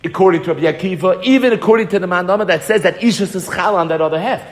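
A man teaching a Talmud lesson in an animated way, arguing both sides of a debate and often repeating words as he thinks. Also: high-pitched, very fast, big-room sound. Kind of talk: Talmud lecture.

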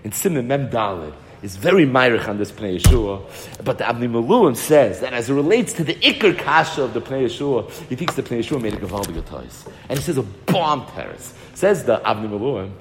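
A man teaching a Talmud lesson in an animated way, arguing both sides of a debate and often repeating words as he thinks. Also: medium pitch, brisk, long reverb tail, background noise. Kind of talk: Talmud lecture.

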